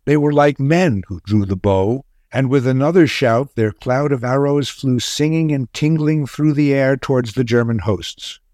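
A man's voice: mid-range voice, moderate pace, hardly any pauses, darkish tone, no room sound. Man narrating a war story, dry sound.

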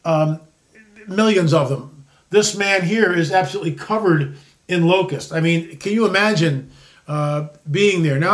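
A man's voice: sits high, a bit bright. A man in his sixties hosting an opinionated commentary monologue, rambling with frequent restarts and asides. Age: 60s. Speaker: host.

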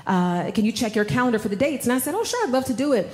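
A woman preaching a sermon, telling a personal story with animated delivery and calling the audience y'all. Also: fairly high pitch, very fast, reverberant.

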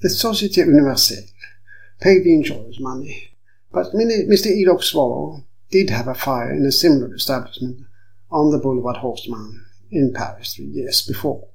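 A man's voice: mid-range voice, normal speed, gravelly, natural voice, low-quality recording. A man voicing a cautious, prim middle-aged English insurance man who keeps insisting he accuses no one. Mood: insistent. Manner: insistent, prim, protesting innocence.

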